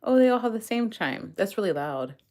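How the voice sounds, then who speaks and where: A woman's voice: medium pitch, sing-song, brisk, a little mellow. A young woman vlogger reading an online quiz aloud in casual chat, giggling often. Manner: giggly, breaks into frequent laughter.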